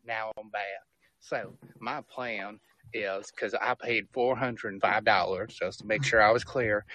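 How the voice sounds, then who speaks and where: A man's voice: fairly low pitch, steady tone, a little slow, sharp tone, rough recording. A man playing a crude, boastful male survivalist vlogger in a comedic impression video, rambling and profane.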